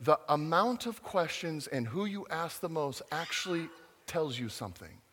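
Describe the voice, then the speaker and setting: A children's pastor with a slightly high, expressive voice gives a playful, interactive family sermon to kids and adults at church, speaking at normal speed. He acts out voices and draws the audience in with questions. The recording has a big-room sound and background noise.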